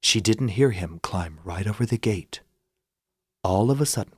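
A man from South Carolina, telling a story and breaking into high squawking bird noises. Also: lively intonation, moderate pace, slightly rough, no room sound, studio quality.

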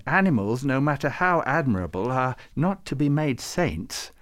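A man's voice: medium pitch, very animated, moderate pace, a bit bright, no room sound, voice pushed up. A man voicing a solemn old male saint who leads a council, speaking in a stately, intoning way in a storybook reading. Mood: kindly. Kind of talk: storybook character voice.

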